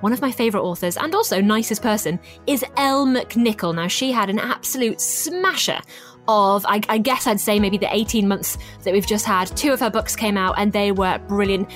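A woman's voice: mid-range voice, normal speed, soft background music. A woman hosting a show, chatting enthusiastically with fillers and asides. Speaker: radio show host. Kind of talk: casual presenting.

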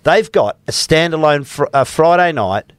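A man's voice: fairly high pitch, lively intonation, moderate pace, smooth, no room sound. A middle-aged Australian man co-hosting a sports podcast, telling stories with emphatic repetition and casual banter. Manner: storytelling, emphatic, repeats himself. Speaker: podcast co-host.

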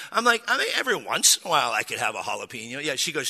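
A middle-aged man from Texas preaches with a very bright, forceful tone and a slightly raised voice. He tells stories in an animated, self-deprecating way with jokey asides. His voice rings in the long reverb of a church hall. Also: a little high, rapid-fire, few pauses, husky. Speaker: pastor. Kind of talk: sermon with humorous storytelling.

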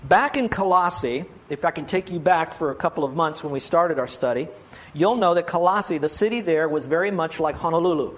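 A man's voice: on the high side, brisk. A pastor giving an earnest, pleading sermon, asking his listeners many rhetorical questions.

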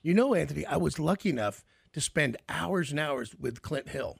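Gravelly, husky radio host man. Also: on the high side, animated, moderate pace, no echo, clean studio sound. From Kansas City. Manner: rambling storyteller with many restarts. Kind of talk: casual interview chat.

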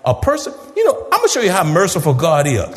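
A man preaching a fervent sermon, rising to shouts and calling on the congregation to answer back. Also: high-pitched, wildly swooping pitch, fast, in a large hall. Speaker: pastor.

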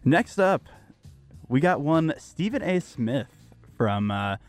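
A man's voice: a little high, very animated, slow, faint music behind. A man hosting a casual sports podcast, introducing clips and reacting to them. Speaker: podcast host.

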